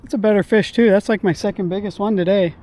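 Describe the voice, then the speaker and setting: Excitable high-voiced fishing vlogger man. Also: fast talker, a little hiss or hum. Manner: excitable, bursts of exclamations while landing fish. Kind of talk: casual on-the-water commentary. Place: outdoors on a lake or river from a kayak.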